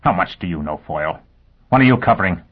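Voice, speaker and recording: A man's voice: sits low, expressive, quick pace, slightly rough. A man voicing a furious, suspicious male interrogator who accuses and threatens. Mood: menacing. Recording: tinny lo-fi phone-like audio.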